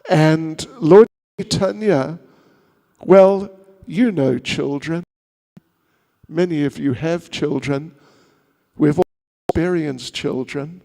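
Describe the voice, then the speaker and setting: A man's voice: on the high side, slow, creaky, pauses often, mellow, long reverb tail. A man, a monk at a seminar, telling a sermon story in a playful way with chatty asides to the audience.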